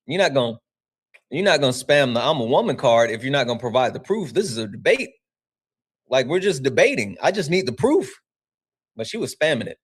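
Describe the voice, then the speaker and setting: A man hosting his own livestream, chatting loosely with viewers. He swears freely and breaks into laughter often. His voice sits at a middle pitch. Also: a little fast, husky. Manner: profane, animated, laughing often. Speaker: livestream host. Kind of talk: casual livestream chat.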